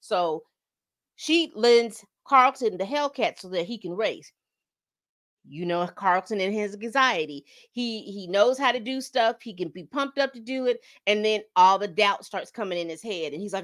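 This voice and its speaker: A woman's voice: mid-range voice, moderate pace. A woman hosting a podcast, casually recapping a TV episode, telling it like a story and acting out the characters' lines. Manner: animated storytelling, acts out quotes, calls listeners "baby".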